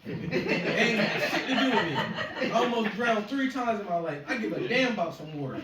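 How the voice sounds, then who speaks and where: A man's voice: high-pitched, expressive, normal speed. A man doing casual stand-up, telling rambling, profane stories to a small crowd. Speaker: stand-up comedian. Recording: echoey room, far mic, noisy.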